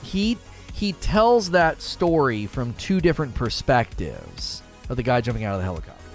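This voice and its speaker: A man hosting a livestream, chatting casually with viewers and reading out their comments, animated and given to trailing off quietly at the ends of his thoughts. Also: moderate pace, faint music behind. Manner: animated, with sudden high-pitched bursts when quoting. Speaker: livestream host.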